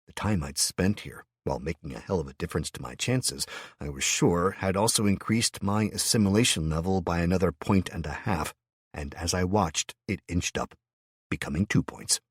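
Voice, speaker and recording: A man narrating a fantasy audiobook in the first person, in a steady storytelling manner. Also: deep voice, moderate pace, slightly rough, no room sound, studio quality.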